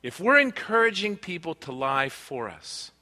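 A man's voice: a little high, big pitch swings, normal speed, sharp tone. A man preaching a sermon, earnest and conversational, telling personal stories from family life. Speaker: pastor. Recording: long reverb of a large hall.

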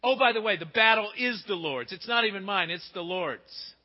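A man voicing a young shepherd hero who speaks with calm assurance. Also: high-pitched, moderate pace. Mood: assured. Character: young male shepherd hero, confident and faithful. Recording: muffled with long hall reverb.

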